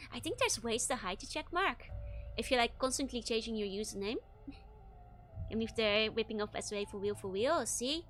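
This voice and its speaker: A woman's voice: a little high, fairly bright tone. A woman streamer giving casual, chatty let's-play commentary and reading chat aloud. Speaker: VTuber streamer.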